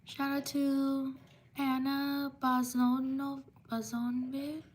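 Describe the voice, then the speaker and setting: A woman hosting a live stream, reading out viewers' names one by one and quickly apologizing for mispronunciations. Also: sits high, level tone, slight background noise. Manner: slow, drawn-out name reading with quick apologies. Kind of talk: live stream shout-outs.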